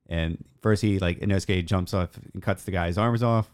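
A man's voice: low-pitched, fairly even intonation, normal speed, darkish tone, smooth. A man casually recapping an anime episode on a podcast, rambling with many fillers and acting out the characters' lines. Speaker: podcast co-host.

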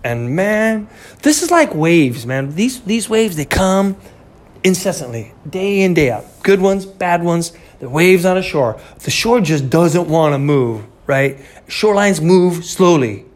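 Man, 50s, slightly high-pitched, casual rambling podcast host. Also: sing-song, measured pace. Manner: rambling, conversational, many fillers and restarts. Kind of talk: casual motivational monologue.

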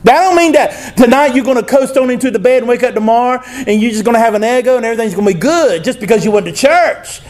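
A man's voice: very high voice, quick pace, few pauses, a little mellow. A male preacher, delivering a conversational sermon and reading scripture aloud.

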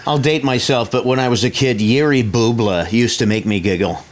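A man's voice: medium pitch, a little fast. A man talks sports in a loose, rambling way. He trips over restarts and swears now and then. His voice sits mid-range, and a faint hiss runs underneath. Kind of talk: casual chat.

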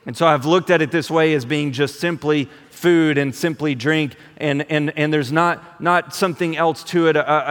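A man preaching a sermon as pastor in a conversational, animated way, often repeating words as he restarts. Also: a little high, in a large hall.

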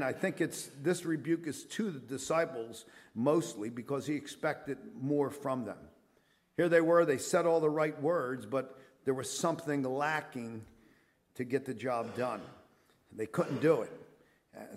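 A middle-aged male pastor preaching a sermon in an earnest, conversational way, with frequent fillers and restarts. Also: mid-range voice.

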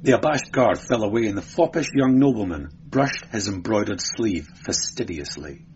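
A man narrating an adventure audiobook in a measured, dramatic storytelling manner. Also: lowish voice, lively intonation, darkish tone, muffled recording, slight background noise. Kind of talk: audiobook reading.

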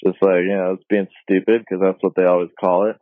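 A young man telling a story casually on a podcast, slangy and swearing, jumping high when he quotes people. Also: little pitch movement, quick pace, no echo. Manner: laid-back slangy, swears often, voices others in high tones. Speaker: podcast guest. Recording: phone-like dry sound.

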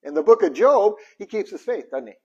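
Husky man, slightly high voice, preaching casually to a congregation, dull lo-fi sound. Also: a little fast. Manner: animated, asks the audience questions. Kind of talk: conversational sermon.

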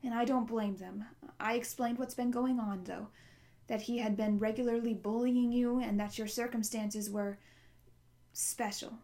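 A woman's voice: on the high side, steady tone, a little slow, dark tone. A woman reading the part of a firm female teacher who speaks with matter-of-fact scorn. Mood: explaining.

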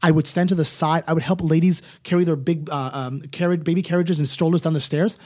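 Comedy podcast dude riffing, self-deprecating, swears a lot, dry close sound. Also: male voice, a little high, steady tone, fast, mellow, dry recording. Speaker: podcast co-host. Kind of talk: comedic banter.

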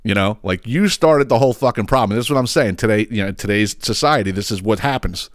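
A man's voice: lowish voice, fast talker, no echo, clean studio sound. A man ranting casually about a customer who caused a scene, swearing freely and acting out the people in the story. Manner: profane, exasperated, acts out others in raised voices. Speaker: podcast host.

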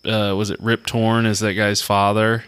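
A man chatting casually among friends, animated and laughing, retelling movie scenes. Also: moderate pace, smooth. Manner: animated, laughing, breaks into high put-on voices for quotes. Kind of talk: casual chat.

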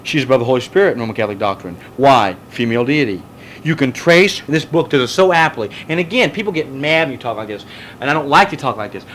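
A man's voice: mid-range voice, expressive, quick pace, fairly bright tone, a little hiss or hum. A middle-aged man teaching a Bible study as pastor, pressing his listeners with rhetorical questions and taking questions from them. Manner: emphatic, fond of rhetorical questions. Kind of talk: preaching lecture with questions from the audience.

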